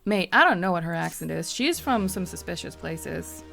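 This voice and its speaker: A woman's voice: lowish voice, expressive, gravelly, fairly bright tone. A woman giving chatty, casual commentary while playing a game, over game music. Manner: chatty, quick asides. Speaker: gameplay story reader.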